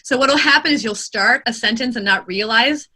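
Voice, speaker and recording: A woman who narrates audiobooks, answering interview questions in an expressive, animated way. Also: on the high side, moderate pace, slightly rough.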